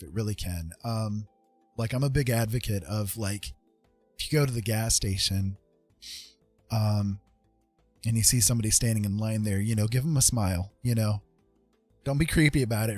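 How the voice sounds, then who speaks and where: Husky low-voiced man, teary and earnest. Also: darkish tone, no room sound. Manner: earnest, rambling, many fillers. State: teary, eyes burning. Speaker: livestream host. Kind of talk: casual livestream chat.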